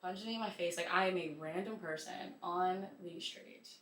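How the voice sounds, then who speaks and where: A woman's voice: fairly low pitch, moderate pace. Woman telling a story in an echoey room. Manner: animated retelling, heavy use of "like". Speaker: podcast guest. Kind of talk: casual storytelling in conversation.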